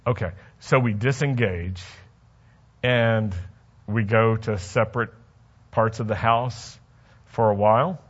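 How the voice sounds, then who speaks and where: A man's voice: on the low side, steady tone, slow, pauses often, breathy edge, muffled recording. A man preaching a sermon in a conversational way, asking the congregation questions and telling stories from his own life. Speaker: pastor.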